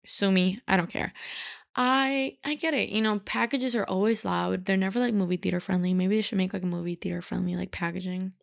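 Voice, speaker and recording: A young woman hosting a solo podcast, ranting in a sassy, animated way with lots of filler "like". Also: fairly low pitch, fast, gravelly, hardly any pauses. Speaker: podcast host.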